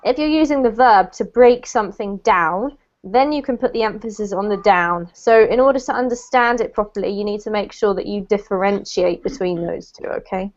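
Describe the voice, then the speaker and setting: A woman's voice: mid-range voice, a little mellow. Patient woman teaching over a dull line. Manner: patient, explains slowly, corrects pronunciation. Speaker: online English teacher. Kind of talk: live online class.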